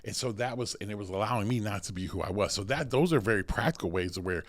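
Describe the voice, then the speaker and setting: American guy, pastor, really low voice, energetic rambling stories on a podcast. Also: fast. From United States. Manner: energetic storytelling, many fillers and restarts. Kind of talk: casual podcast conversation.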